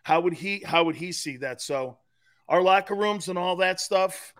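A high-sitting male voice at normal speed belongs to a middle-aged co-host of a sports talk show. In casual storytelling chat, he swears freely, laughs often, and relives events with animation.

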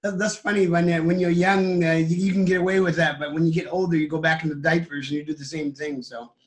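An older man with a hoarse, fading voice speaking in a casual interview, halting and full of fillers and restarts. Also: on the high side, level tone. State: losing his voice, coughing. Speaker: guest, elder and teacher.

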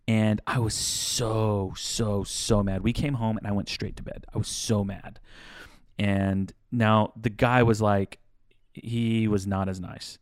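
A man co-hosting a podcast, telling a long rambling story in a casual chat, animated and swearing now and then. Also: lowish voice, a little slow, dry recording, clean studio sound. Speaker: podcast co-host.

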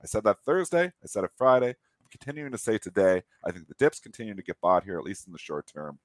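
A man's voice: lowish voice, expressive, fast, no room sound. A middle-aged man with a nasal voice, co-hosting a casual stock market show and talking through his trades. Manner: opinionated, talks through trades. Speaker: co-host.

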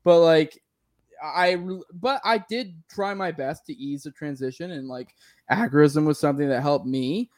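A man's voice: a little high, moderate pace, no room sound, clean studio sound. A man, a military veteran, talking frankly and with plenty of swearing in a casual conversation. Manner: frank, profane, rambling. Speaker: podcast host, military veteran.

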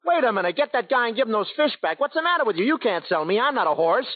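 A man's voice: extremely high pitch, big pitch swings, quick pace, heavily acted. An actor playing a panicky, wisecracking young man in a 1940s radio comedy, with brash comic delivery. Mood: indignant. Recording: tinny 1940s radio broadcast.

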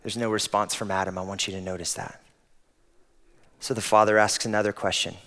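A man preaching a sermon, swinging from loud emphatic peaks down to soft, intimate passages. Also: fairly low pitch, level tone, fairly quick. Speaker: pastor. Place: church auditorium.

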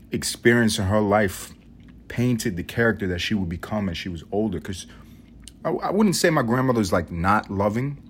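A young man from New York City telling rambling, profane stories on his solo podcast. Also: a little hiss or hum. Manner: rambling, profane, muses aloud; mimics his grandmother in a high voice. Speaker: podcast host. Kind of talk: casual solo storytelling.

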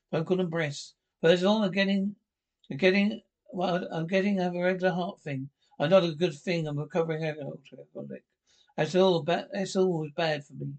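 A man with a notably high-pitched voice argues in quick sitcom exchanges. He sounds exasperated, pushing back line after line. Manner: bickering, exasperated back-and-forth. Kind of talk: sitcom dialogue from a TV show.

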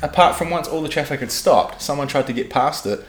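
A young man with a New Zealand accent, chatting casually on a podcast and telling animated, profanity-laced stories. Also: on the high side, brisk. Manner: animated storyteller, swears freely. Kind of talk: casual chat. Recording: echoey room, faint background hum.

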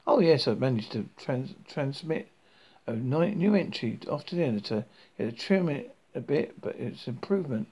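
A man's voice: mid-range voice, expressive, normal speed, darkish tone, husky. A man reading aloud and voicing a laid-back alien traveller with a breezy, offhand delivery. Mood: casual.

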